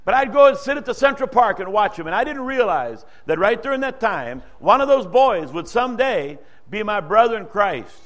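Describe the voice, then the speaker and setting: A man's voice: animated, normal speed, few pauses. A man preaching a sermon, telling a testimony story in an earnest, storytelling way, his voice rising and falling. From Dutch-speaking background. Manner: earnest storytelling preacher, rises and drops in pitch and loudness.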